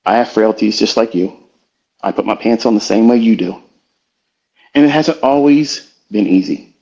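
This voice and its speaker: A man's voice: on the low side, mellow. Earnest middle-aged man, muffled stream. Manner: earnest, confessional, slow and halting. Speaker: trading educator hosting a live audio room. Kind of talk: reflective motivational talk. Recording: slightly muffled online audio stream.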